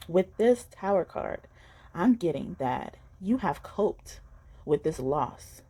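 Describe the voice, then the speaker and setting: A woman's voice: low voice, dark tone, husky. A woman giving a casual tarot reading to camera, speaking earnestly and affectionately to the viewer, rambling and repeating words as she goes. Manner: affectionate, addressing the viewer directly. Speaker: tarot reader.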